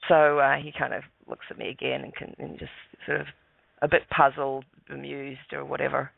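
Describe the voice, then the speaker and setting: A man calling in as a guest on a radio show and telling a story casually and calmly, with many stammering restarts. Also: medium pitch, moderate pace, vocal fry, no echo. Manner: calm, relaxed, stammering restarts. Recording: tinny phone line, dry.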